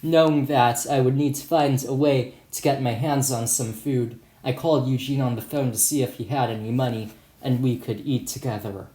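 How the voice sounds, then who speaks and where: Man, first-person audiobook narration, mellow, echoey room. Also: medium pitch, fairly even intonation, normal speed, few pauses. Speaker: author and narrator. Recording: roomy echo.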